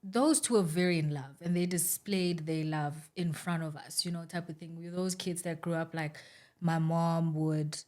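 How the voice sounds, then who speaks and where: A young woman, guesting on a podcast. Her voice sits a little low for a woman. She tells stories in a lively, casual way and laughs easily. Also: normal speed. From South Africa. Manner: animated storyteller who laughs easily. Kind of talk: casual chat.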